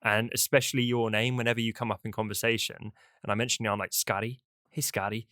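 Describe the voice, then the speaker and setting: A British man hosting a casual podcast chat, upbeat and quick to laugh. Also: fairly low pitch, flat delivery, bright, forceful tone, dry recording, clean studio sound. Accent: British English. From Britain. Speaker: podcast host.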